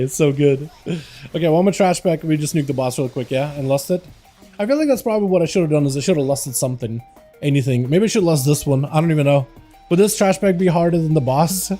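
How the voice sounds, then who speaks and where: A man's voice: fairly high pitch, mellow. Laid-back young man streaming a game. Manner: laid-back, chatty, talks to teammates. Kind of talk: casual live gameplay commentary.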